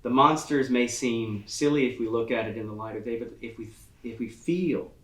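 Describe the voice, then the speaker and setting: A man giving an online literature lecture, explaining in a thoughtful, searching way with frequent pauses, heard over a video call. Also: mid-range voice, a bit bright. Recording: echoey room, distant from the mic.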